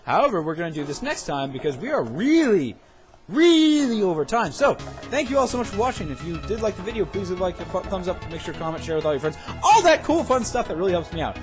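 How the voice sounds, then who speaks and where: A man's voice: high voice, sing-song, fast. Young guy let's play host, chatty, bouncy voice, music under it. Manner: chatty, playful asides. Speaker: gaming video host.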